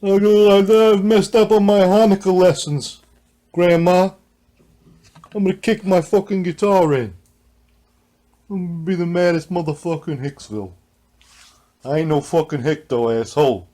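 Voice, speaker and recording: A loud, swearing young tough guy with a thick Long Island accent , as a man puts him on in a higher, louder voice. He rants in a belligerent way and is quick to start a fight. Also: natural voice. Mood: ranting. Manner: loud, cursing, picking fights.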